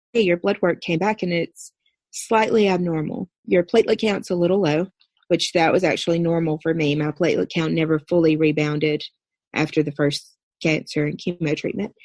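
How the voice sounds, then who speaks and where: A woman in her thirties, a podcast guest, earnestly telling a personal story in a steady recounting way. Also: on the low side, no echo. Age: 30s. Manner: earnest, steady recounting with brief quoted dialogue.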